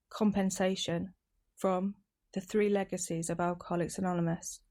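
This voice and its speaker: Woman, middle-pitched voice, steady and deliberate reading aloud. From East Midlands, England. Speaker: reader of daily recovery readings.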